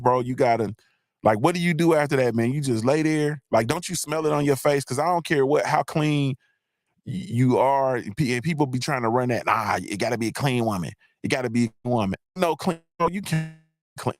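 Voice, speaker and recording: A man's voice: medium pitch, no room sound, clean studio sound. A man hosting a live online show, ranting in a casual, profane, repetitive way. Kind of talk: casual comedic rant.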